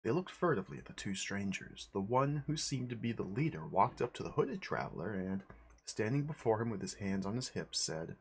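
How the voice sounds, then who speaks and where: Man, streamer, husky voice, lively reading, lowish pitch. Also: fairly quick. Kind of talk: reading a game manual aloud.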